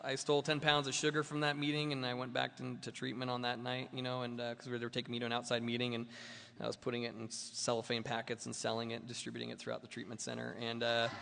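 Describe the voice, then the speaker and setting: A man's voice: medium pitch, monotone, quick pace, gravelly, bright, forceful tone. A man sharing his personal recovery story at a meeting, rambling and self-mocking with lots of fillers. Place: meeting hall. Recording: long reverb of a meeting hall.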